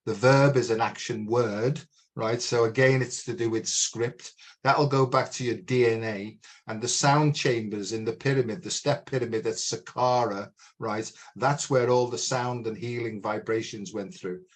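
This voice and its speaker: A man talking through visions in a spiritual podcast conversation, at a middling pitch for a man. He keeps checking in with his listener with a quick "right?" as he explains what he sees. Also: steady tone. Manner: describes inner visions, often checks in with "right?".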